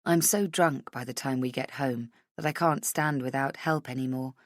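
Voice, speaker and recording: A woman's voice: rumbling low, steady tone, normal speed, dry recording, clean studio sound. A woman narrating a first-person thriller audiobook in an intimate, inward way.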